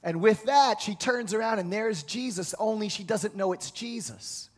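A man preaching a sermon, retelling a scripture story with lively acted-out quotes and frequent restarts. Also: sits high, normal speed. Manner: animated storytelling, acts out quoted voices, many restarts.

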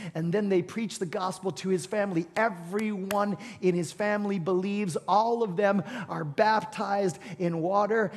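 High-voiced pastor preaching in a hall. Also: male voice, a little hiss or hum. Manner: dramatic storytelling, swings from loud to hushed. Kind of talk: sermon. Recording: reverberant hall.

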